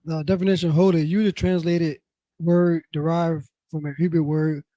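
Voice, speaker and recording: A man in a class reading dictionary definitions aloud, somewhat haltingly. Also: on the high side, little pitch movement, dark tone, no room sound.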